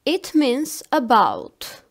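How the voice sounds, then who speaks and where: Woman, language teacher, very slow, high voice, careful enunciation. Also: wildly swooping pitch. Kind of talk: language lesson.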